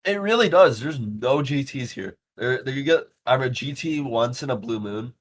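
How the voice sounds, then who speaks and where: A young man hosting a podcast, telling animated stories casually, swearing freely and using lots of fillers. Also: mid-range voice, normal speed. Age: young adult. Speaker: podcast host.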